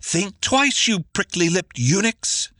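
A man's voice: high voice, big pitch swings, takes it slowly, bright, forceful tone, no echo, clean studio sound, pitched above the performer's own voice, heavily acted. A man voicing a fierce, commanding woman archer in an audiobook, with an ill-humored, clipped delivery. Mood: scornful. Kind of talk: audiobook character voice.

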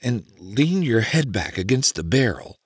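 A man's voice: medium pitch, big pitch swings, measured pace, slightly rough, no echo, studio quality. A man voicing a cocky young rogue who talks in a wry, teasing way in an audiobook.

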